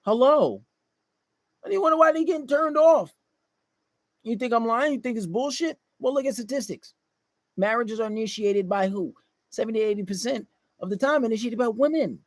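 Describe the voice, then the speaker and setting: Blunt, profane high-voiced man. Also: moderate pace, long pauses, no room sound. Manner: blunt, swearing, mocking voices in quotes. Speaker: dating advice podcaster. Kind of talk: profane monologue to male listeners.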